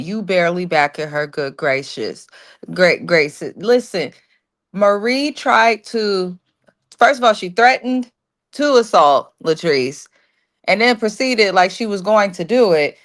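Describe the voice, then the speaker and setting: A woman's voice: mid-range voice, fairly bright tone. A woman co-hosting a casual TV recap, firm and argumentative as she lays out her case. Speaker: co-host.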